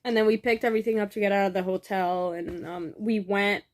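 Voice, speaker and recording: A woman's voice: medium pitch, fairly even intonation, fairly quick, a little hiss or hum. Rambling young woman vlogger. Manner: rambling, lots of fillers and swearing. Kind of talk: casual storytelling vlog.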